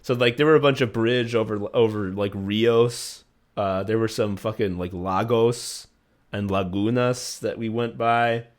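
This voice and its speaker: A man's voice: lowish voice, fairly even intonation, a little slow. Male podcast co-host, casual, rambling, profane, joking storyteller. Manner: rambling, profane, jokey storytelling with many fillers. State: recovering from a virus. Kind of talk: casual chat.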